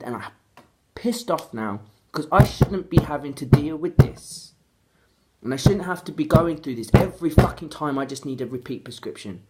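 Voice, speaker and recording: A woman's voice: low voice, very noisy. London woman, fed-up vlog rant, lots of swearing, goes over the same points again and again. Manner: frustrated, swears heavily, repeats herself. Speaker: vlogger.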